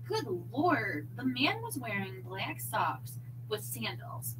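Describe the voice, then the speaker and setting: A woman reading a novel aloud on a livestream, expressive, with chatty asides to her viewers. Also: a little high, slow, noisy background. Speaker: audiobook reader.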